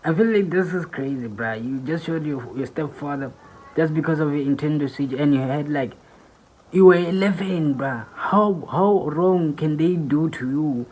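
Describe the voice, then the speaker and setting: A man's voice: on the high side, normal speed, darkish tone, low-quality recording. A young man talks through a reaction video in a loose, laid-back way. He leans on slang and filler phrases as he reacts. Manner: laid-back slangy talk, frequent "bro" and "you feel what I'm saying". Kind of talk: casual reaction commentary.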